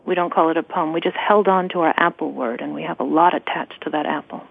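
A woman's voice: low-pitched, fast talker, creaky, slightly rough. Enthusiastic woman author on radio. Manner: enthusiastic, explanatory. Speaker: author guest. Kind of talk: radio interview. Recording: dry, phone-like radio sound.

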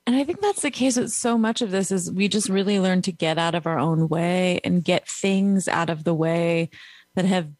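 A woman's voice: fairly low pitch, moderate pace, a little mellow, no echo. A woman with a New York accent hosting an interview, affirming her guest and laughing often. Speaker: podcast host. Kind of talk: casual interview.

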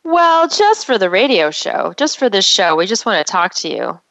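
A woman's voice: medium pitch, very animated, moderate pace, a bit bright, no room sound. A woman co-hosting a radio show, easygoing and prompting the guest with questions. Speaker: radio co-host. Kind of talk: casual radio chat. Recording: dull lo-fi radio sound.

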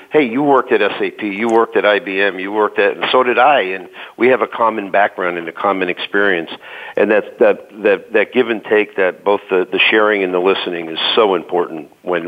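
A man from Pennsylvania, a panel guest, telling a rambling story with many restarts. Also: low-pitched. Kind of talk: casual chat. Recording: muffled phone-line audio.

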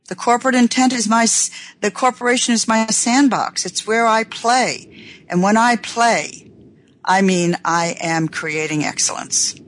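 An earnest woman hosts her radio show from a studio mic. She talks in an unhurried way and stretches out the words she wants to stress. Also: medium pitch, poor audio. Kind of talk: reflective talk-radio monologue.

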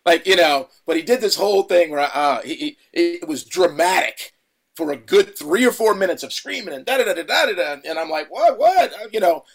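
Rambling actor telling a set story. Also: male voice, on the high side, lively intonation, fairly quick. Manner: rambling, many restarts, acts out a shouting director. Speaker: actor guest. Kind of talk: casual interview anecdote.

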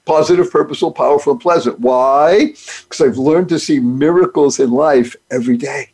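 Hosting his own podcast, a man delivers a playful, upbeat motivational monologue packed with acronyms and wordplay, speaking despite paralysis from a rare disease. His voice is slightly high, a little mellow and slightly rough, at a moderate pace.

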